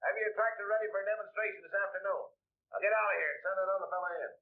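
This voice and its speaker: An actor playing a gruff, irritable older county road commissioner who is hard of hearing, in 1930s film acting on a tinny old soundtrack. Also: male voice, high voice, very fast. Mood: scornful.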